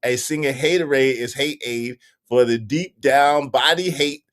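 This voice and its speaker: A young man hosting a casual livestream, bantering with the chat in animated, repetitive bursts with frequent laughs. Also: medium pitch, measured pace. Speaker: livestream host.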